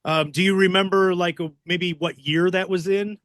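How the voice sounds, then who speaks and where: A man's voice: sits high, moderate pace, no room sound, clean studio sound. Man hosting a loose interview. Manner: relaxed, asks questions with many fillers and restarts. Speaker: podcast host. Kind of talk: casual interview chat.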